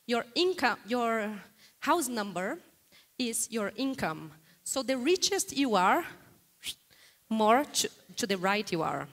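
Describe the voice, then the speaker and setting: A woman from Brazil with a Brazilian Portuguese accent, giving a lively guest lecture in a hall and putting frequent questions to the audience. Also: on the high side. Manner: animated, questions the audience often.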